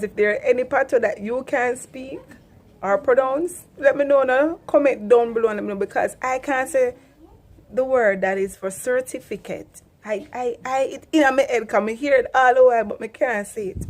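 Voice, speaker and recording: A young Jamaican woman with a fairly high voice talks through local words in a relaxed vlog. She laughs a lot and gets animated as she acts out everyday commands. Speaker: vlogger. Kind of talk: casual teaching chat.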